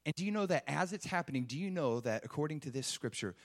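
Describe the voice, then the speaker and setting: Animated, higher-voiced male preacher. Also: fast talker. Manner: emphatic, full of rhetorical questions. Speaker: pastor. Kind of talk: sermon.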